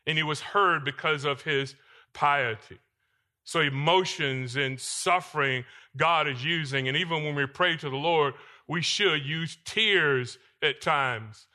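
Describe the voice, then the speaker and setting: A male pastor preaching a sermon in a church, swinging between loud emphatic lines and quiet asides. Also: on the high side, measured pace. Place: church sanctuary.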